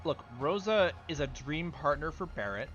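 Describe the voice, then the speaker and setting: A man's voice: on the high side, expressive, normal speed, fairly bright tone, lo-fi sound, faint music behind. A man casually chatting on a game livestream, rambling and answering his chat. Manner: rambling and talking back to chat. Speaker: game streamer.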